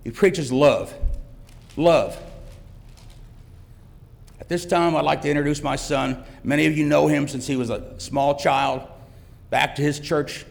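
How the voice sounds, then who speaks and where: A middle-aged man speaking from the heart at a church service, with evident emotion. His voice is gravelly and a little higher than usual for a man. It rings with the long reverb of a church hall. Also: little pitch movement, moderate pace. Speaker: church guest speaker, father. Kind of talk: personal testimony.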